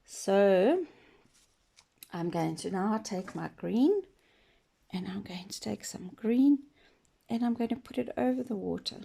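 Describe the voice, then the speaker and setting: A woman giving a patient painting lesson for children, gently asking questions and dropping to soft whispers as she works. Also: medium pitch, expressive, slow, creaky, long pauses. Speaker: children's art teacher. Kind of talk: slow painting demonstration for children.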